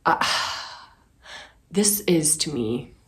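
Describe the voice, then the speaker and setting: A young adult woman giving sassy, expressive, casual commentary as a fashion vlogger, swearing for emphasis. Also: deep voice, drawn-out words.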